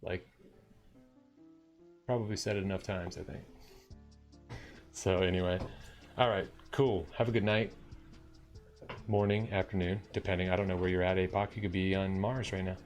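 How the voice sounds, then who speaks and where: A man's voice: sits low, steady tone, normal speed, pauses often, soft background music. A man from Long Island, New York, chatting casually and rambling with lots of fillers as he wraps up a live coding stream. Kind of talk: casual chat to viewers.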